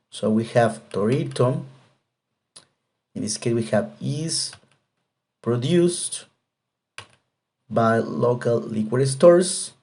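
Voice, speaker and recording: Patient, mellow-voiced male English teacher. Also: medium pitch. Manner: patient, repetitive explanation with frequent fillers. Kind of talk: grammar lesson explanation.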